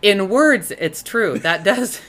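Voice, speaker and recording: A woman's voice: medium pitch, animated, slow pace, a bit bright. A woman in her forties co-hosting a casual home podcast, teasing her husband and laughing often. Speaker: podcast co-host. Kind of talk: casual chat.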